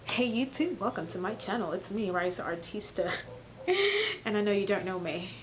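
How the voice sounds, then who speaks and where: A young woman from Cameroon telling a story on her channel, animated and sarcastic, laughing often. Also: mid-range voice, normal speed, music in the background. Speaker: YouTuber. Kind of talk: casual storytime vlog.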